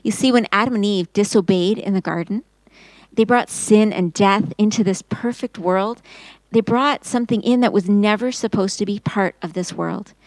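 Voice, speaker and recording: Expressive woman telling a children's Bible story. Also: medium pitch, normal speed, no room sound, poor audio. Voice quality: expressive storyteller, acting out quotes in raised voice. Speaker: Sunday school teacher.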